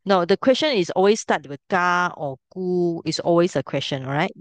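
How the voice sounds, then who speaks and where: A woman's voice: on the low side, normal speed, dry recording. A middle-aged woman teaching a language class, patiently explaining step by step and checking if students can follow.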